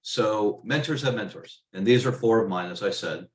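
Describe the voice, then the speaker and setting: A middle-aged man presents a business webinar and tells personal stories in a conversational, emphatic way. His voice sits a little low. The room around him gives it a noticeable echo. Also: moderate pace. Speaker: webinar host and business mentor.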